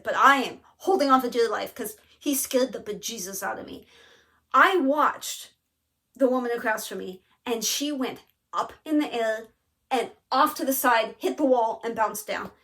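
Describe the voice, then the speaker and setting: A woman hosting a craft video, telling a story in a casual, animated way and acting out what people said. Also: on the high side, normal speed. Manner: animated, lots of "like" and quoted asides. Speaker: flosstube host.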